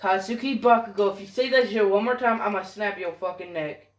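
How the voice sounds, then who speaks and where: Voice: mid-range voice, fairly quick, reverberant, lightly acted. A storyteller lightly doing a blunt, crude teen boy hero. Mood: threatening. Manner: offhand, lightly put-on quoting voice. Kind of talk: casual fan story retelling.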